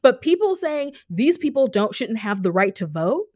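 A woman's voice: on the high side, very animated, moderate pace, a little mellow, breathy edge, no echo, studio quality. A woman speaking as a podcast guest in casual conversation, passionate and emphatic, often repeating phrases as she builds a point.

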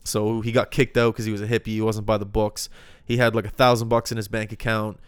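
Young male podcast host, rambling storyteller, smooth and dry. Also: fairly low pitch, flat delivery, fast talker, dry recording. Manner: rambling storyteller with many restarts. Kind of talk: casual chat.

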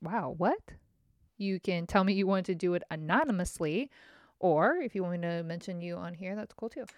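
A woman's voice: on the low side, animated, normal speed, no echo. A woman hosting her own podcast, chatting in a rambling, self-mocking way. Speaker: podcast host. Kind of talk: casual chat.

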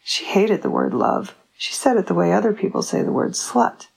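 A woman reading a literary short story aloud in a dry, measured storytelling way. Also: mid-range voice, huge pitch swings, gravelly, darkish tone, husky, rough recording. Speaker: audiobook reader.

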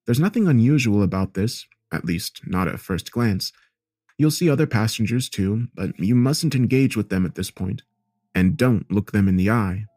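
A man reading a first-person horror story aloud in a steady, measured storytelling manner. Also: lowish voice, no room sound, studio quality. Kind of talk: scripted horror story narration.

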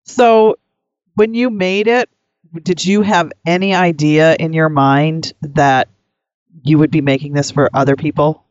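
A man co-hosting a radio interview, asking questions slowly and deliberately, slightly muffled. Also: fairly high pitch, fairly even intonation, smooth, no echo.

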